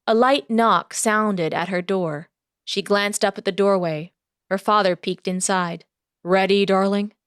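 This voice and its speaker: A woman narrating a historical novel audiobook in a steady storytelling voice. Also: medium pitch, unhurried, clear, resonant tone, dry recording, studio quality.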